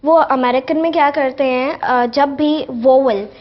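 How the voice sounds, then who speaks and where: A woman's voice: high-pitched, lo-fi sound. Teenage Indian girl explaining accents. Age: teens. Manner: demonstrates words by repeating them slowly, then rapid explanations. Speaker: guest student. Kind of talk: explaining pronunciation on TV.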